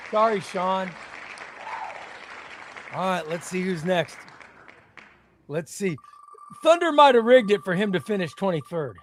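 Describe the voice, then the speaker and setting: A man hosting a live stream, chatting casually and bursting into loud exclamations before dropping to quiet muttering. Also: high-pitched, measured pace, pauses often, a faint crowd, a little hiss or hum. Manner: excitable, shouts names then drops to muttering.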